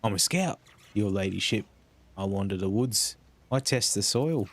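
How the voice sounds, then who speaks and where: A man's voice: mid-range voice, normal speed, close to an everyday voice. A man voicing a sniveling, humble old peasant scout in a rustic put-on accent, reading game dialogue aloud. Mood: fawning. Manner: rustic dropped-letter accent voice, fawning.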